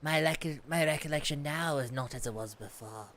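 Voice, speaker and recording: A woman voicing an aging male samurai, reading his lines in a grave, measured way. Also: sits low, a bit bright, pitched below the performer's own voice. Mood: solemn.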